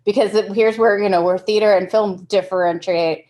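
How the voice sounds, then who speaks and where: A woman's voice: mid-range voice, fairly even intonation, normal speed, darkish tone. Chatty woman teaching film directing. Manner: conversational, explains with everyday examples, frequent restarts. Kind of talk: casual workshop talk.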